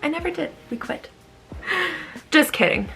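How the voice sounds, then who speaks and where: A young woman, an online English teacher, explaining in a casual, bubbly, animated way and acting out words. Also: high voice, moderate pace, gravelly, faint music behind.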